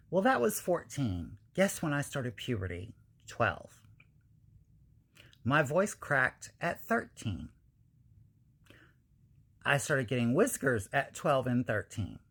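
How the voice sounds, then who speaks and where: A woman hosting her own channel, telling a candid personal story to viewers in casual, animated talk with frequent swearing. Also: low-pitched. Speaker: channel host.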